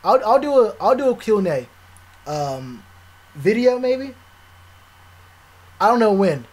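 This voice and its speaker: Young man, high voice, live stream chat, casual slang, animated. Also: unhurried.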